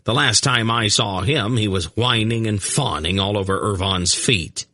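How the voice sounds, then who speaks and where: A man's voice: on the low side, unhurried, bright, forceful tone, no room sound, studio quality, voice pushed up. A man voicing a sardonic, mocking old hunchbacked sorcerer in an audiobook. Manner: sardonic, taunting. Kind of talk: audiobook character voice.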